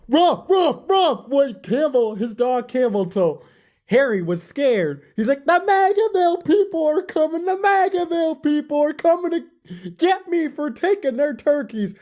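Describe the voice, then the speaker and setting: A woman's voice: lowish voice, a little mellow. A woman telling a silly made-up story off the cuff, rambling and correcting herself as she goes. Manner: rambling, with restarts and fillers. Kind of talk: rambling improvised comic storytelling.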